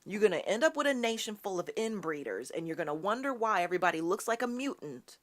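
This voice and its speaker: A woman's voice: mid-range voice, sing-song, fast talker. A woman hosting a live political talk show, ranting with passion, calling her viewers y'all and sassily mocking the people she quotes. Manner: impassioned, ranting, addresses audience as y'all; quotes and mocks opponents in a sassy tone. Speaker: host.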